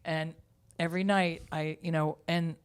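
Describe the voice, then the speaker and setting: A woman who writes and directs theatre, telling stories in a casual interview, emotional and expressive, sometimes dropping almost to a whisper. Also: sits low, moderate pace, smooth.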